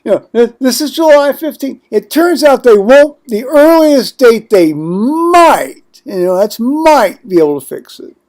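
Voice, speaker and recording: A man's voice: very high voice, animated, unhurried, hardly any pauses, darkish tone. An older man vlogging at home in a rambling monologue, digressing often with blunt, profane asides.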